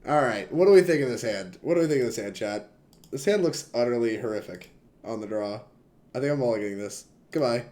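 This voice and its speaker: A man's voice: mid-range voice, lively intonation, a little fast, darkish tone. A young man streaming a card game, chatting and rambling to his chat in a casual, laughing way. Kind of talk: casual gameplay commentary to chat.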